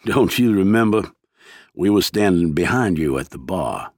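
A man voicing a cold, menacing gunman who speaks in a slow Southern drawl. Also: low voice, expressive, darkish tone, no echo. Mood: smug. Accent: American Southern.

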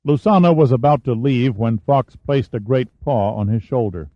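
A man narrates a thriller in a steady, measured storytelling voice. The recording is dry and close, with a slightly dull, muffled top end. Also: dry recording. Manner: even storytelling, shifts pitch for dialogue. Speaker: audiobook narrator. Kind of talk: scripted narration with character voices.

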